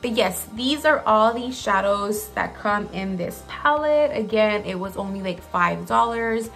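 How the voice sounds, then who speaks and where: A woman beauty vlogger chatting casually while doing her makeup at home, gushing and talkative, in a gravelly morning voice. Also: medium pitch, expressive, measured pace, fairly bright tone, soft background music. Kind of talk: casual makeup tutorial chat.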